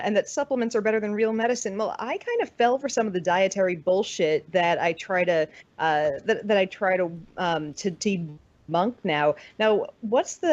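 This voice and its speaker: A woman's voice: mid-range voice, a little mellow, no room sound. An American woman chatting on a podcast, telling stories and dropping swear words as she acts out other people's lines. Her voice comes through dry and a little dull, with no room sound around it. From United States. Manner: chatty storyteller who swears freely and acts out quotes. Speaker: podcast guest. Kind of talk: casual chat.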